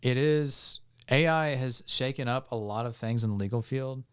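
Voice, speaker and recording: A man, a podcast guest, calmly explaining legal points step by step with frequent fillers and restarts. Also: mid-range voice, normal speed, smooth. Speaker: podcast guest on music law. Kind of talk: explanatory casual talk.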